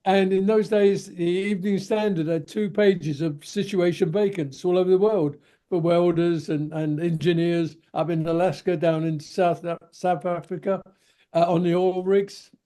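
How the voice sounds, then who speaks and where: A man's voice: high-pitched, steady tone, normal speed, dark tone. Older Cockney man spinning a yarn. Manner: rambling yarn-spinner, acts out the people he quotes. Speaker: guest, veteran stuntman. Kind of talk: anecdotal storytelling. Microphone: video call.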